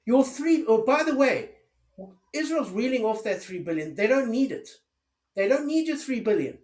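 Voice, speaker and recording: In a roomy, echoing space, a political commentator rants angrily in a very high-pitched, slightly mellow voice with lively intonation at a moderate pace. He swears heavily and keeps throwing out sarcastic rhetorical questions.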